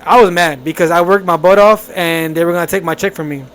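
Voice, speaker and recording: A young man co-hosting a podcast, telling a family story in casual, animated chat with laughs. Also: sits high, quick pace. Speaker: podcast co-host.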